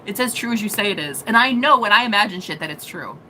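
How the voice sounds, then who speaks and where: Bright, lively woman spilling a story. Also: medium pitch, quick pace, a little hiss or hum. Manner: giggly, animated, swears freely. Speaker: psychic reader. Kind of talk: casual storytelling vlog.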